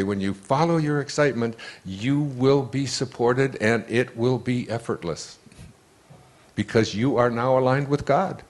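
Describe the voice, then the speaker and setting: An older man giving an inspirational lecture, telling a rambling story with restarts and asides. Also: mid-range voice. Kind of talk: inspirational lecture to a live audience.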